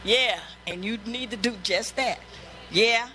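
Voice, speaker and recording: A woman's voice: a little high, slow, sharp tone, a little hiss or hum, poor audio. A woman pastor delivering a sermon, emphatic and repetitive, breaking into calls of praise.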